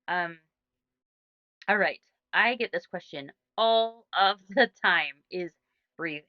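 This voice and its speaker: A woman's voice: lowish voice, dry recording, muffled recording. A middle-aged woman, a running coach, giving casual advice in a chatty, rambling way with lots of restarts.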